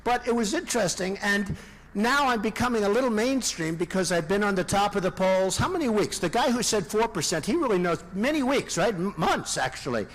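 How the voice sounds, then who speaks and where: A presidential candidate giving a rambling, off-the-cuff rally speech, repeating himself and throwing asides to the crowd. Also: male voice, high-pitched, lively intonation, fairly quick, fairly bright tone. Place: large indoor rally venue.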